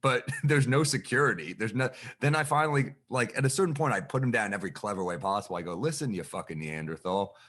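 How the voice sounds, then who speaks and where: A man guesting on a podcast as a comedian, telling a story in a casual, animated way and swearing freely. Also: mid-range voice, quick pace, hardly any pauses, breathy edge. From New York. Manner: animated, profane storyteller who acts out exchanges.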